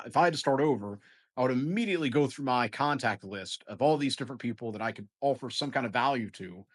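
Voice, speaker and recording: Man, casual podcast guest, energetic, lots of "like", mid-pitched voice. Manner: energetic, talks in quick bursts with lots of "like". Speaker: guest entrepreneur. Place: lives in Dubai.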